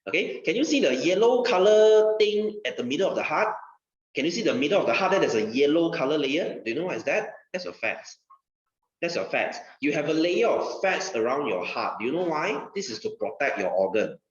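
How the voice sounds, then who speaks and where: Man, science teacher, chatty and repetitive, lively pitch, echoey muffled recording. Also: a little fast. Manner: chatty, repeats phrases, asks rhetorical questions. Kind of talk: casual recorded science lesson. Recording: dull, roomy recording.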